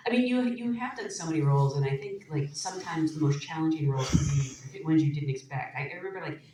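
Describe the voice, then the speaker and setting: A woman moderating an on-stage interview, asking quick, eager questions. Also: sits low, mellow. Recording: echoey noisy hall from far off.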